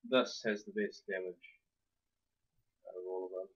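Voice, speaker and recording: A man giving casual let's-play commentary, swearing often and swinging between low muttering and loud outbursts. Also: fairly even intonation, moderate pace, slightly rough, lo-fi sound. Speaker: gameplay commentator.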